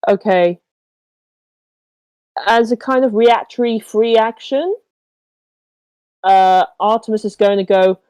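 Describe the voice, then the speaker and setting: A woman player working through her turn in a tabletop game, hesitant and full of ums, cursing freely. Her voice sits at an ordinary middle pitch. The sound is dry, with no room sound. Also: takes it slowly, pauses often, a little mellow, clear, resonant tone, dry recording, rough recording. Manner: hesitant, lots of ums and swearing. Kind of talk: casual tabletop game chat.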